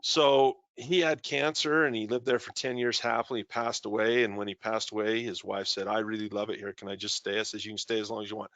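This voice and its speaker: A man's voice: on the low side, little pitch movement, a little fast, few pauses, a bit bright, no echo, highs cut off. A man hosting a live trading show, reading out viewer comments and telling stories in a chatty way. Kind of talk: live-streamed trading talk.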